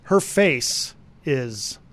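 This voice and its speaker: A man giving a conversational radio movie review, animated and speaking straight to the listeners. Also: mid-range voice, very slow.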